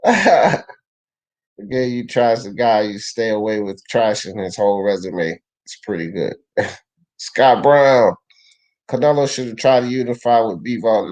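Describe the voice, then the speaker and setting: A young man hosting a casual live boxing talk stream, reading the chat out loud, answering it, and arguing in slang. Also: mid-range voice, a little slow, poor audio. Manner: animated, slangy, argues with chat.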